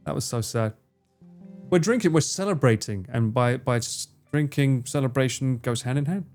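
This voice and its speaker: A man's voice: a little high, brisk, a little mellow, soft background music. A man chatting casually on a livestream, reading chat, swearing freely and bantering with a teasing tone.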